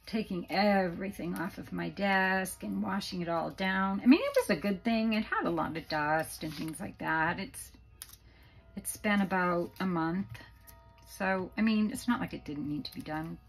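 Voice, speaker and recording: A woman's voice: medium pitch, expressive, moderate pace, gravelly, low-quality recording. A woman hosting a casual craft tutorial from her home craft room, chatty and rambling with many fillers, a little out of breath. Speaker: craft channel host.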